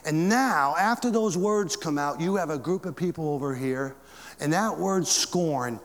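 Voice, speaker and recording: A male pastor preaching a sermon to his church, with big swings in pitch and volume. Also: unhurried, big-room sound.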